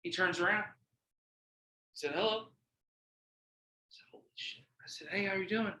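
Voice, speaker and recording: A man hosting a casual podcast, telling animated, profane stories and acting out the quotes. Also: high voice, slow, reverberant, a little hiss or hum, poor audio. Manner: animated, profane storyteller who acts out quotes. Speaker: podcast host. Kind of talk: casual podcast chat, storytelling.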